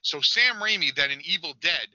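A man co-hosting a podcast who jumps into lively tangents and film anecdotes. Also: on the high side, moderate pace, no room sound, highs cut off. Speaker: podcast co-host. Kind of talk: casual film discussion.

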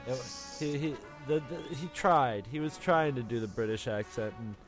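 A man's voice: medium pitch, moderate pace, over music. A man co-hosting a casual podcast chat, wry and teasing, often repeating words as he goes. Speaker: podcast co-host.

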